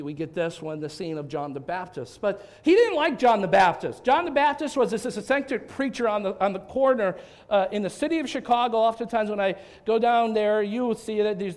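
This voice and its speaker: A male pastor preaching a sermon, animated and talkative, with frequent restarts and rhetorical questions to his congregation. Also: high voice.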